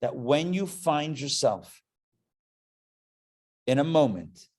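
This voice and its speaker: A man's voice: on the high side, sing-song, slow, darkish tone. A rabbi giving a live Torah class in a loose, chatty way, often restarting his sentences, adding joking asides, and swelling with emphasis as he tells a story. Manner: casual, self-interrupting, joking asides.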